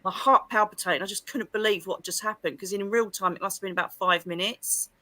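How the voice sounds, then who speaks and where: Middle-aged English woman, guest storyteller, bright and forceful tone, lively delivery, dry close sound. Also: medium pitch, fairly quick, dry recording. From England. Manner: lively, expressive, acts out quoted dialogue. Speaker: psychic medium guest. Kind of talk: animated storytelling in an interview.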